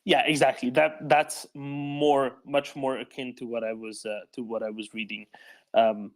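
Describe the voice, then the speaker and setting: A man hosting a live audio discussion, speaking in a measured way with frequent fillers and restarts. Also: mid-range voice, flat delivery. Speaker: host of online discussion.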